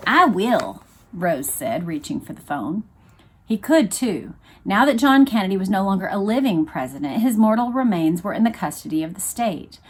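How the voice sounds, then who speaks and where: A woman narrating a history book aloud in a steady read-along style, with dramatic emphasis. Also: mid-range voice, normal speed, breathy edge. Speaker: reader of a book series.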